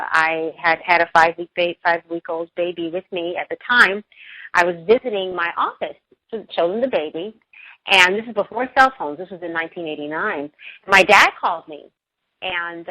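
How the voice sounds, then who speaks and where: A woman's voice: lowish voice, dry recording, muffled recording. A middle-aged woman, a radio show guest, telling a personal story in an earnest, emotional way.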